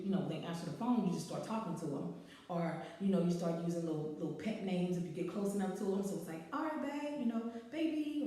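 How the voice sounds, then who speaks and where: A woman's voice: fairly high pitch, recorded from a distance. Chatty woman talk show host, echoey. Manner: chatty, animated, laughs and repeats for emphasis. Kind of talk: talk show monologue reading listener stories.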